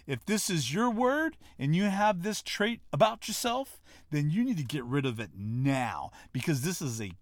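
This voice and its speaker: A brash man gives a blunt motivational talk, swearing freely and mocking the people he describes. His fairly high voice swings widely in pitch as he hammers each point. The sound is dry and close, with no room echo. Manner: brash, profane, mocking, emphatic. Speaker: motivational speaker.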